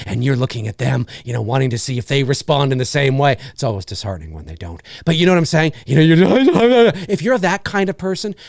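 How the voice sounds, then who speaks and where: A man in his forties hosting a live show, ranting casually and with exasperation, mimicking the shouts of others. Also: mid-range voice, vocal fry, no echo, studio quality. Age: 40s. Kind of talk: casual live-stream rant.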